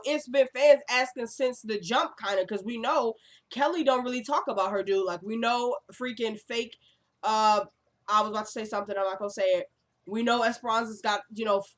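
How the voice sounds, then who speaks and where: Woman vlogger, slightly high voice, casual recap, excitable and full of asides. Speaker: TV episode recapper. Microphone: own camera.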